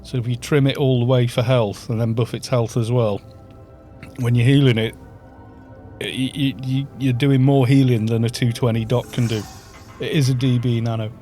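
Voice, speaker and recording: A man's voice: mid-range voice, little pitch movement, moderate pace, mellow, soft background music. A man with a Welsh accent casually explaining game tactics to his live-stream chat. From Wales.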